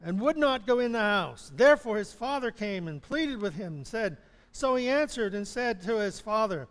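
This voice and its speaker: A man's voice: high-pitched, animated, normal speed, fairly bright tone. A man preaching a sermon, retelling a parable and acting out the characters' complaints with frequent chuckles. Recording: long hall reverb.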